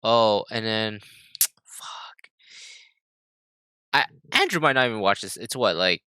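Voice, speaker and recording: A young man co-hosting a podcast, telling stories in a casual, animated way with some swearing. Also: lowish voice, takes it slowly, clear, resonant tone, no echo. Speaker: podcast co-host. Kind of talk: casual chat.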